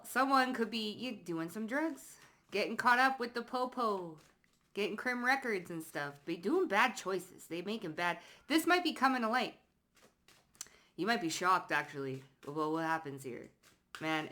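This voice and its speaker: This is a woman hosting a casual psychic card reading, with a bright, forward voice. She talks in loose slang and swears freely. She keeps breaking into short acted-out quotes in a higher voice before dropping back to her own. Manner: slangy, blunt and profane, with quick laughs. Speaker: psychic tarot reader.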